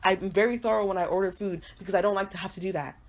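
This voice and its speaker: A young woman in her twenties co-hosts a casual podcast. She talks quickly and tells stories with lively acted-out quotes, at an everyday mid-range pitch. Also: slight background noise. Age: 20s. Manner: animated storytelling with acted-out quotes. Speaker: podcast co-host. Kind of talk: casual chat.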